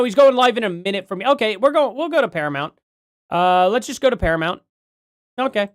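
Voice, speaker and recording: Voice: mid-range voice, clear, resonant tone, no echo, studio quality. A livestream host chatting casually from home, rambling and correcting themself while reading out donations. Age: adult parent.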